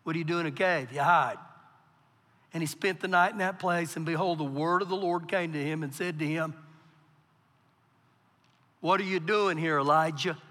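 High, bright-voiced preaching man. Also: normal speed, pauses often. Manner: preaching with big swings from quiet to loud. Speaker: pastor. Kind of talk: sermon. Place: church hall. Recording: live church hall with long reverb.

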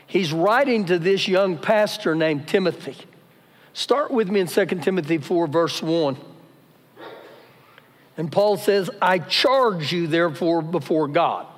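A man preaching a live sermon as pastor, emphatic and repeating his key phrases. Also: fairly high pitch. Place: church sanctuary during a service. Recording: live church recording with long reverb.

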